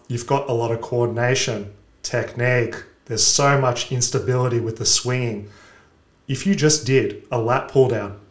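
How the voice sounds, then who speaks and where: A man with an ordinary mid-range voice explains training advice step by step in a casual podcast chat. His delivery is methodical and instructional. The sound is roomy and echoey. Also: mid-range voice.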